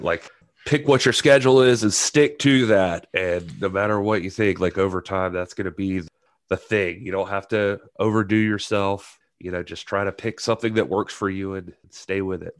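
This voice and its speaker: Easygoing low-voiced man. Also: moderate pace, dry recording. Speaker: podcast co-host. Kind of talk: casual podcast chat.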